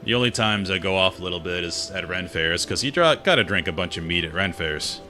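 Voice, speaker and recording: Low-pitched male streamer, rambling casual chat while gaming, with game music playing clearly underneath. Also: expressive, brisk, pushed and bright.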